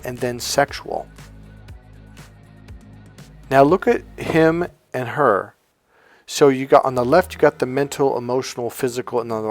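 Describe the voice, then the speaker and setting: A man giving a blunt, profane, emphatic coaching talk as a love coach. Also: medium pitch. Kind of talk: coaching monologue.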